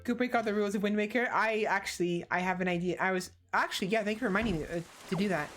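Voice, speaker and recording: A woman's voice: mid-range voice, very fast, fairly bright tone, low-quality recording. Woman, streamer, casual gaming chat, rambling, self-correcting, desk mic, faint background music. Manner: rambling, self-correcting, greets viewers by name.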